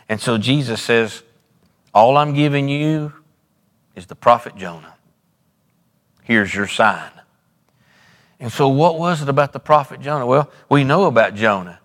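A man's voice: lowish voice, a bit bright, long reverb tail. A male pastor delivering a sermon in a church, preaching with repetition and sudden rises and drops in his voice. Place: church sanctuary.

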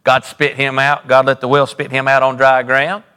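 A man preaches a sermon in a church sanctuary, his voice ringing out with a long hall echo. He works in repetition, swelling up, then dropping low. His pitch sits in an ordinary middle range. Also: completely flat delivery, normal speed, pushed and bright, clean tone. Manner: preacherly, repetitive, rises and drops dramatically. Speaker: pastor.

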